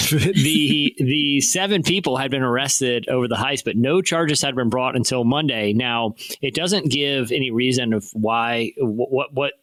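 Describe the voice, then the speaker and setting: Male podcast co-host, mid-pitched, rambling storyteller, dry close mic. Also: measured pace, dry recording. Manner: rambling, laughing storyteller, pitch jumping when excited. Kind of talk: casual chat, reading news stories.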